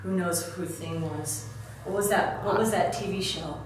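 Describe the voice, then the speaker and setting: A woman's voice: lowish voice, normal speed, a loud crowd. A middle-aged woman, a DIY expert, casually talking through a craft demonstration step by step in a chatty, self-deprecating way. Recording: echoey room, mic at a distance, faint background noise.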